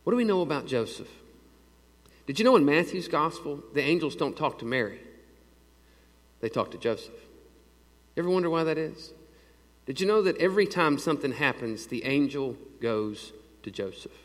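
A man's voice: a little high, expressive. A man preaching a conversational sermon, telling stories and asking his listeners questions in a folksy way. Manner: folksy, asks the crowd questions, quick asides. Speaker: pastor. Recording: long reverb of a large hall.

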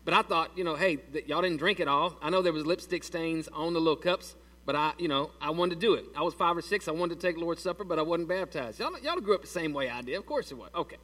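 Folksy high-voiced preacher. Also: male voice, lively intonation, fast, few pauses, sharp tone, recorded from a distance. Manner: folksy, conversational, asks the congregation questions. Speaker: pastor. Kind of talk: sermon.

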